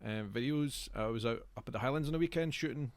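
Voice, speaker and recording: A Scottish man co-hosting a podcast, talking casually with a lively manner. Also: mid-range voice, quick pace, no room sound. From Scotland. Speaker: podcast co-host. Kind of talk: casual chat.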